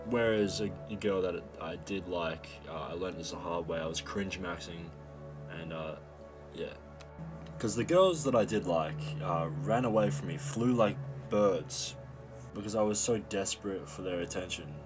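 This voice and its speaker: Brief: young male vlogger, low voice, loose profane storytelling, music bed clearly audible. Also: moderate pace. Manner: rambling, profane, mock stammering. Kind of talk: casual storytelling monologue. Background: background music.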